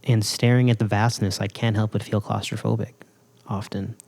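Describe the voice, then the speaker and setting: Very deep-voiced woman interviewer. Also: little pitch movement, moderate pace, vocal fry. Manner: quiet, brief backchannel remarks. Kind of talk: casual conversation.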